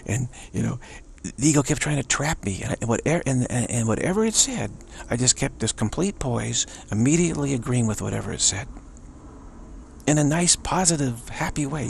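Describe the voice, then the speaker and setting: A man giving an earnest spiritual talk as a teacher, halting and often repeating words. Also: mid-range voice, lively intonation, creaky, breathy edge.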